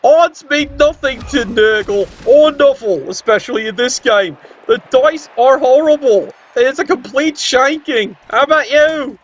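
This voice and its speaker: A man commentating a game, sarcastic and excitable, swearing often. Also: extremely high pitch, unhurried, few pauses, lo-fi sound. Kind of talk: tabletop video game commentary.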